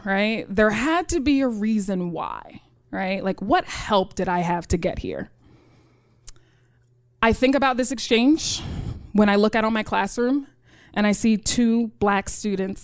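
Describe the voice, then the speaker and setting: A woman's voice: mid-range voice, no room sound, studio quality. A woman in her thirties from New York, a chemistry teacher telling a personal story on stage in an earnest, reflective way, often asking "right?".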